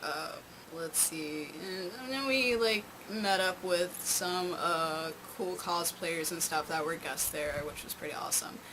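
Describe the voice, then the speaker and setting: A young woman vlogger tells a casual storytime in a fairly low, slightly slow voice. She rambles, with many fillers and restarts, and the home recording is noisy.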